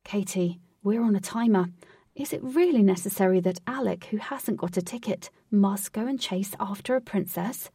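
A serious, guarded man who speaks in measured, formal phrases, read by a woman in her own voice. The tone is grave and unhurried. The recording is dry, with the mic a little far off. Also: mid-range voice, warm tone, breathy edge, no echo.

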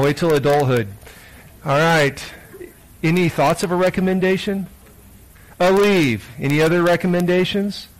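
A man with a somewhat high voice leads a children's sermon in church. He reads the gospel, then turns playful and keeps putting questions to the young listeners. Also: poor audio. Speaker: pastor.

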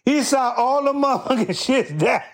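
A man tells a long, profane comic story, rambling and laughing between the curses. His voice sits high for a man. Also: lively intonation, moderate pace. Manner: rambling, heavy swearing, laughing as he talks. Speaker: stand-up storyteller.

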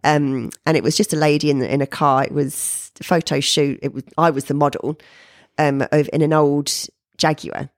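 A middle-aged woman, an artist telling stories of her career in a casual interview, animated and leaping up in pitch when she quotes people. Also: normal speed, hardly any pauses, dry recording, clean studio sound. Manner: animated, jumps high when quoting people. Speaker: painter being interviewed.

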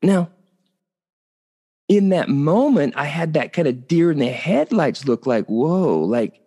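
A man's voice: a little high, measured pace. A middle-aged man hosting a talk, telling a personal story in a conversational way and checking in with "okay?". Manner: animated, conversational, tags points with "okay?". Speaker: host.

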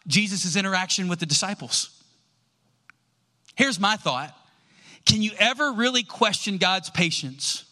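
A male pastor delivering a sermon with a high, bright voice. He tells the story in an animated way and acts out the quoted lines, with plenty of restarts along the way.

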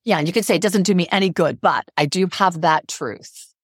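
A woman's voice: on the low side, brisk, husky, dry recording, clean studio sound. A middle-aged woman psychotherapist speaking as a guest in a podcast interview, earnest and emphatic, repeating phrases to drive her point home.

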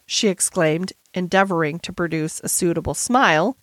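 A woman narrating a classic children's novel as an audiobook in a measured, gentle storytelling manner. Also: on the low side, dry recording. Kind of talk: scripted narration.

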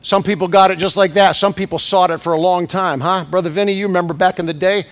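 High-voiced preaching man, shouting climaxes. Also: fairly even intonation, fast talker. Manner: preaching with sudden shouted climaxes and soft asides; acts out scripture quotes in raised voice. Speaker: pastor. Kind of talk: sermon.

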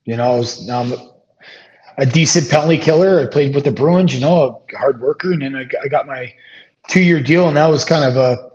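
A middle-aged man, a former hockey player, telling stories as an interview guest, relaxed and rambling with many fillers and restarts. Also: medium pitch, fairly quick. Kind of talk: casual storytelling interview. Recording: dull lo-fi audio.

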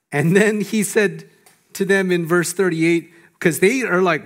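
Animated pastor preaching, slightly high voice. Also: male voice, measured pace. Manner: animated, swings between loud emphasis and hushed low lines; laughs often between phrases. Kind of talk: sermon.

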